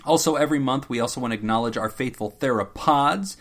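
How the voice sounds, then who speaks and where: A man's voice: medium pitch, fast. A man co-hosting a casual podcast, reading out supporter thank-yous with frequent laughter. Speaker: podcast co-host.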